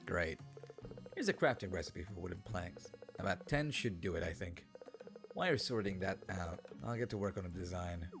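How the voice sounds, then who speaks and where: A man's voice: sits low, lively intonation, normal speed, creaky, over music, voice pushed down. A man putting on a bumbling-Scottish elephant builder. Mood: friendly, bemused. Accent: attempted Scottish that drifts toward Irish. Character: gruff male elephant builder, friendly.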